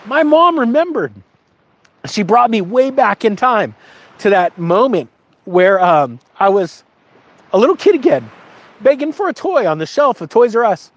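A man talking casually to his viewers, telling an animated personal story and asking the audience motivational questions. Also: measured pace. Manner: animated storytelling, rises in pitch for quoted lines. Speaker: host.

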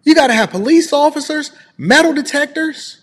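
A man's voice: extremely high pitch, lively intonation, normal speed, fairly bright tone, long reverb tail. A man giving ranting, sarcastic commentary on news clips, emphatic and slangy.

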